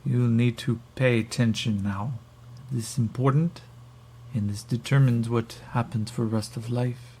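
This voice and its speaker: A man's voice: medium pitch, fairly even intonation, extremely slow, hardly any pauses, mellow, a little hiss or hum. A man doing a stern alien woman with Russian accent.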